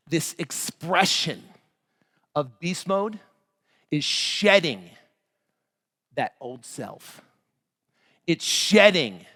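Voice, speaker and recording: A man revs up a live crowd at a seminar, pitching his voice high and swinging it all over. His tone is bright and punchy, and he keeps breaking into shouted chants. A long reverb from the big hall trails every line. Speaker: motivational speaker. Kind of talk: live motivational seminar speech. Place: large event hall.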